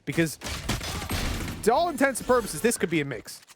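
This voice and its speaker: An Irish man doing esports color commentary in an animated, chatty way. He jokes with his partner between plays. His voice sits a touch higher than most men's. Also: brisk, background noise. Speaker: esports caster.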